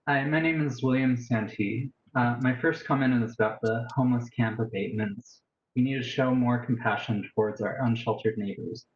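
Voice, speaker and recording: A man calling in to a council meeting, giving a prepared public comment in a steady, plainspoken way. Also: on the low side. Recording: roomy, muffled call audio with faint noise.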